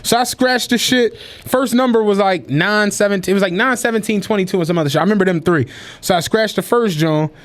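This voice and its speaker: A man's voice: high-pitched, quick pace. A man co-hosting a podcast in casual chat, telling stories with lots of swearing and frequent laughter. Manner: animated storyteller, heavy profanity, laughs through his stories. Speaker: podcast co-host.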